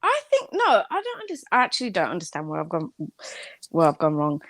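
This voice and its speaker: A woman's voice: lowish voice, wildly swooping pitch, quick pace, a bit bright, no room sound. A woman on a live online panel, talking defensively and swearing freely. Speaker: panel guest.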